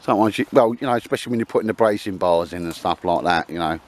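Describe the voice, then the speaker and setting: A man's voice: deep voice, very fast. A man, chatting and bantering with mates outdoors, laughing often. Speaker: channel host. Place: outdoors in woods.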